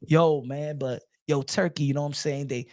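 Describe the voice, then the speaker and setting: A man putting on the voice of a quiet, humble boxer who talks low and hushed. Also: steady tone, moderate pace, no room sound, studio quality, lightly acted.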